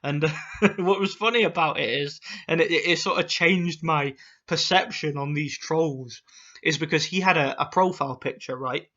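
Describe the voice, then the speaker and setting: A man's voice: fairly high pitch, moderate pace, sharp tone, highs cut off. A man ranting casually on his vlog, swearing often and stumbling over repeated words. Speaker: boxing YouTuber.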